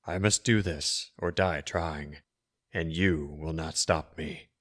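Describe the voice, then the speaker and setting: A man voicing a cruel, frail old sorcerer in a storybook reading, speaking raspy, slow and cold with a hissing edge. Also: very deep voice, steady tone, a bit bright, no echo, studio quality, pitched below the performer's own voice, heavily acted. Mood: menacing. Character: cruel menacing old male sorcerer, frail yet powerful.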